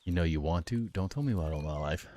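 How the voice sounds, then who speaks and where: A man's voice: sits low, lively intonation, racing, mellow. A man streaming a game live, chatting casually and joking back at his chat.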